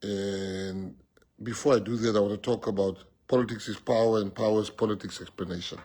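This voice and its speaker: South african guy speechifying at a rally kinda thing, husky voice, rousing. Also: on the low side, fairly even intonation, fairly quick, a little mellow. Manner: rousing, switching languages, joking. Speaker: politician. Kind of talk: political speech.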